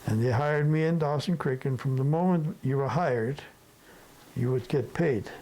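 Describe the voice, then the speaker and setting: Old guy from the sudetenland spinning a long story, gravelly voice, soft faint hiss behind. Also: medium pitch, moderate pace, low-quality recording. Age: older. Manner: rambling, peppered with tag questions. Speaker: interviewee. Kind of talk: storytelling reminiscence.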